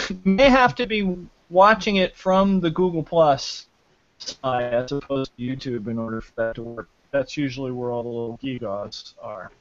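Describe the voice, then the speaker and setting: A man hosting a live online panel show from home, talking casually and haltingly with many fillers and restarts. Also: medium pitch, dry recording, faint music behind. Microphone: video call. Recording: dull lo-fi glitchy internet audio.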